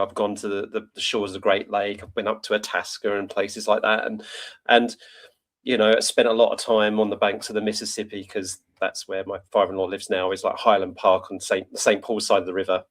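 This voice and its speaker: A man's voice: on the low side, flat delivery, brisk. A man from the United Kingdom hosting an interview, chatty and rambling, often laughing and correcting himself. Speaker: podcast host. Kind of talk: conversational interview.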